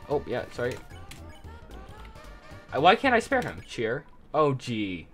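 A man's voice: mid-range voice, very animated, moderate pace, long pauses, sharp tone. A man doing casual let's-play commentary, rambling and joking at his own expense. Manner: rambling, self-deprecating, lots of fillers. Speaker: gameplay commentator. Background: game music.

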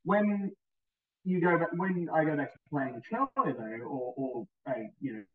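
Husky man with enthusiastic, halting delivery. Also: on the high side, animated. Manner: enthusiastic, with frequent ums and repeated words. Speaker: music teacher. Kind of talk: recorded presentation. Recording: tinny phone-like sound, distant mic.

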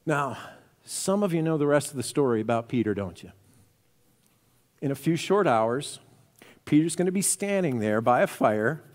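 Animated preacher in an echoing sanctuary. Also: male voice, on the high side, moderate pace, pauses often. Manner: animated storytelling, acting out quotes. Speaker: pastor. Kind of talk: sermon. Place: church sanctuary. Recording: reverberant church hall.

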